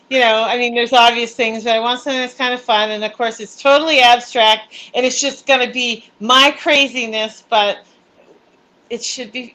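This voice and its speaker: A woman co-hosting a casual livestream chat, easygoing and quick to laugh. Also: fairly high pitch, sharp tone. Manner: giggly and easygoing. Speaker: livestream co-host.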